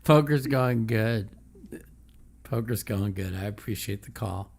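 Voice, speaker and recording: A man's voice: lowish voice, measured pace, creaky, darkish tone. A man hosting a casual call-in show, blunt and profane, often breaking into laughter.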